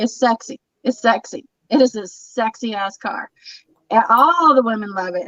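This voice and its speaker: A woman's voice: a little high, a bit bright, no room sound, dull audio, close to an everyday voice. A woman playing a boastful, boozy male show-off with a cigar and wine in a live comedy parody, crude and rambling. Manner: brash, rambling, crude, loses her train of thought.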